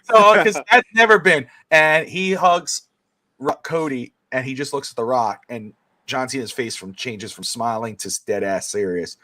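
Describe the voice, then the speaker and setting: Excited man telling a wrestling story. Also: medium pitch, moderate pace, no room sound. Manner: excited storyteller, many fillers. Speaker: sports talk show co-host. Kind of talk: casual sports chat on a live stream.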